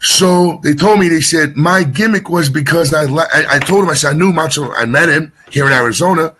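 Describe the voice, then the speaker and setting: A man's voice: on the high side, a little fast, pushed and bright, a little hiss or hum. A man being interviewed as a wrestling guest, telling a long story casually, rambling and getting sidetracked with many restarts.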